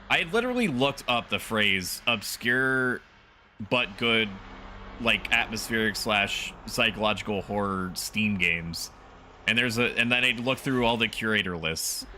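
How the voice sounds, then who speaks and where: A man chats loosely over a live game stream, joking and laughing as he goes. His voice is bright and forceful, and a faint hiss of noise sits underneath. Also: medium pitch.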